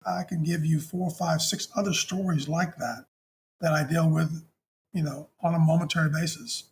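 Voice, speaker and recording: A man speaks as a hospice chaplain, recounting a patient visit in a gentle, affectionate, conversational manner. His voice sits a little higher than most men's. A faint hiss runs underneath. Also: fairly even intonation, normal speed. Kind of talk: conversational storytelling.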